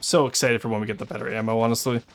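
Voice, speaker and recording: A man's voice: medium pitch, fairly even intonation, very fast. Man streaming a game, reactive and chatty. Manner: reactive, exclaims and curses when under attack; chatty asides to chat between bursts of play. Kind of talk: live gameplay commentary.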